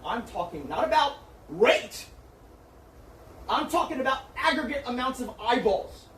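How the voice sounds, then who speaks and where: A man in a heated argument, lecturing and swearing as he insists on his own point. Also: extremely high pitch. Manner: berating, profane, lecturing. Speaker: streamer's manager. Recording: echoey room from far off, faint noise.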